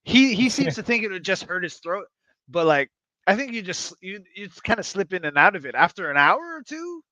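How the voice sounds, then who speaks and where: A man's voice: high-pitched, big pitch swings, a little fast, bright, forceful tone, no room sound, dull audio. A man co-hosting a podcast in casual chat, rambling and swearing freely with frequent laughs.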